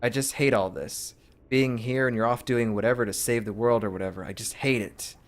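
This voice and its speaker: A man's voice: mid-range voice, fairly even intonation, a little fast. Man casually reading game text aloud. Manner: casual, reads in his own voice with asides. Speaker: streamer.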